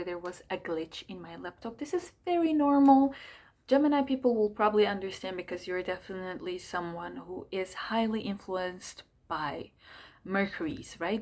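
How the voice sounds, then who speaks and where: Chatty woman astrologer, rambling. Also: medium pitch. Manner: chatty, rambling, many fillers and asides. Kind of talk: casual forecast talk to camera.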